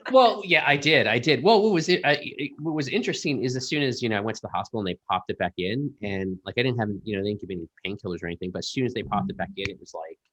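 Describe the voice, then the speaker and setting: A man hosting a casual podcast, talking in a relaxed, rambling way with many filler words. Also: lowish voice, racing, hardly any pauses. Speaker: podcast host.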